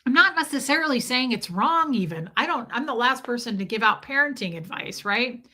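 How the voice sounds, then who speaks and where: A middle-aged woman runs a casual livestream, reading viewer comments, chatting freely and calling people out by name. Her voice sits a little high, with a bright, forceful edge. She comes across as opinionated and expressive and talks a little fast.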